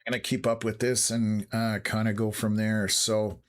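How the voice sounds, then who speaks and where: A man hosting a live storm-tracking stream, slightly hoarse and losing his voice, talking steadily with many pauses of "uh.". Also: lowish voice. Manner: steady, unhurried, lots of "uh" pauses. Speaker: weather stream host.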